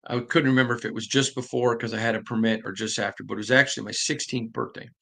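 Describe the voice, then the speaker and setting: A man hosting a sports podcast, telling stories in an animated, conversational way with frequent restarts. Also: mid-range voice, quick pace, creaky. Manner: animated storytelling with repeated restarts. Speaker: podcast host. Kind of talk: casual podcast monologue.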